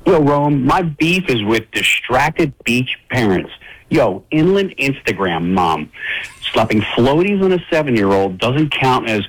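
A man's voice: mid-range voice, big pitch swings, measured pace, slightly rough, poor audio. A male caller to a radio show, delivering a sarcastic, prepared-sounding rant. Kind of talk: call-in rant.

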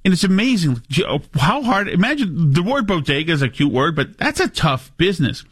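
A man hosting a talk show, giving sarcastic, animated political commentary. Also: a little high, a little fast, slightly rough, no room sound.

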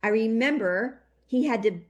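A woman with a fairly high voice tells her story as an interview guest. Her voice is shaky with emotion, and she speaks haltingly, stopping and restarting often. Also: expressive. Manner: halting, full of restarts and fillers. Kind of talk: personal storytelling.

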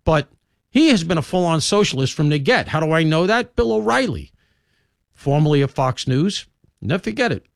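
A man hosting a talk radio show, talking through his lineup in an opinionated monologue with emphatic swings in pitch and loudness. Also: very animated, normal speed, creaky, dry recording, studio quality. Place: radio studio.

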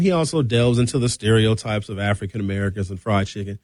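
A middle-aged man from Wisconsin hosting a talk radio show, giving a blunt, sarcastic opinion monologue with sudden high outbursts. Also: fairly even intonation, fast, darkish tone, no echo, clean studio sound.

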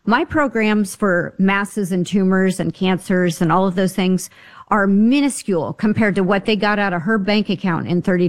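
A woman on a talk show, telling stories and giving health advice in a chatty, emphatic way. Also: medium pitch. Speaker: guest health advisor. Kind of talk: casual radio talk.

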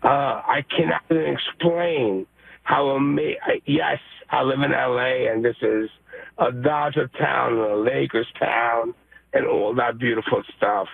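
A hoarse man from New York calling in to a radio show, excited and emotional, halting with many fillers. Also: medium pitch, no room sound. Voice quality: raspy, gravelly. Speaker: caller. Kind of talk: radio call-in. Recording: tinny phone line.

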